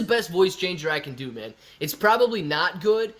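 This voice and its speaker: A man's voice: high voice, sing-song, normal speed, hardly any pauses, fairly bright tone. A man from Ohio hosting a stock livestream in a casual, chatty way, reading viewer comments aloud and answering them.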